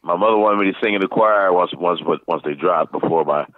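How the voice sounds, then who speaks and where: A man in his fifties from Saint Louis, telling animated stories about his youth as a voice actor guest in an interview, dropping in quick voice impressions. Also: deep voice, no echo. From Saint Louis, USA. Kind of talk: casual storytelling interview. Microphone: phone call. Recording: tinny phone-line sound.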